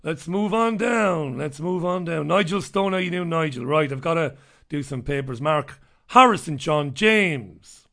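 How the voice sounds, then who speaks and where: A middle-aged man with a slightly high voice hosts a casual radio show. He chats bluntly, reads out listener messages and tosses off quick asides. His tone stays conversational and unscripted. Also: expressive, sharp tone.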